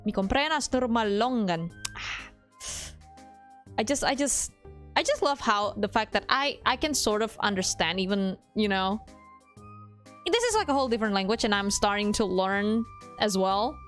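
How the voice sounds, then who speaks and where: A woman's voice: medium pitch, a bit bright. A woman streaming a visual novel, chatting casually, swearing freely, laughing often and nerding out about languages. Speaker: game streamer. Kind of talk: casual live gaming commentary.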